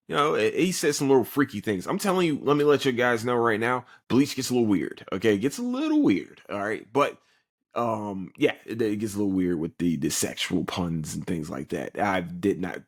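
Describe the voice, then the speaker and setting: A man recaps an anime episode in a loose, profane podcast chat. His voice sits fairly low, and he keeps slipping into quick, exaggerated character voices. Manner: animated storyteller who acts out characters in quick put-on voices; swears freely, loose and joking.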